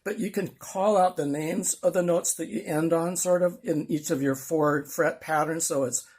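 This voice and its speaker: A man's voice: on the high side, steady tone, moderate pace, darkish tone. An older man teaching guitar in a casual, rambling, self-deprecating way, with guitar playing behind him.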